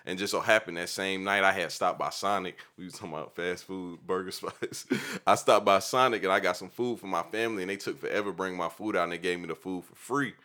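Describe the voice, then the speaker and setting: A very deep male voice with a forceful, bright edge, speaking. He hosts a casual podcast and tells long, profane stories full of fillers. His delivery is loose and unhurried. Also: fairly even intonation. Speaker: podcast host.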